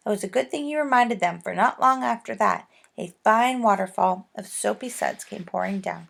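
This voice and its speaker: A woman reading a children's book aloud with gentle, expressive storytelling. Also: medium pitch, moderate pace, gravelly. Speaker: reader.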